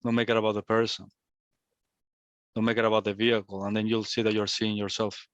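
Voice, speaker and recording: A man's voice: on the low side, little pitch movement, fairly quick, a bit bright, no echo. Reflective male spiritual teacher, dry sound. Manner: reflective, repetitive phrasing. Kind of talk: satsang talk. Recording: dull, lo-fi, dry.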